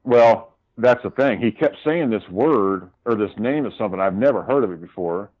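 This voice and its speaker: Man, lowish voice, guest telling a story, heated and swearing, dull lo-fi sound. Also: animated, normal speed. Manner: heated, profane retelling of arguments. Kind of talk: casual storytelling.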